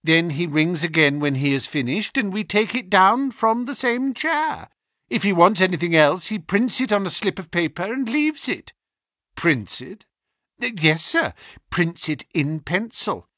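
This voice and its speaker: A man's voice: high voice, sing-song, a little slow, sharp tone, no room sound, clean studio sound, pitched above the performer's own voice, exaggerated voice. A man voicing a respectful, worried middle-aged landlady who answers in a deferential, plain-spoken way, in an audiobook reading.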